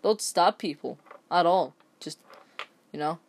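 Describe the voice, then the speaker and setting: A woman's voice: fairly low pitch, unhurried, a little hiss or hum. Rambling sweary woman reading a story. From England. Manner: rambling, sweary asides, stumbles over words. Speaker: story reader. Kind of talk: casual reading of an online story with commentary.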